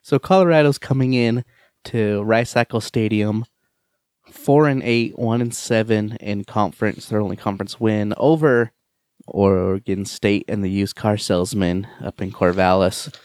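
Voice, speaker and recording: A man's voice: on the low side, fairly even intonation, normal speed, a little mellow, no room sound. A man hosting a casual sports talk show, steadily leading the segments. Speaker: host.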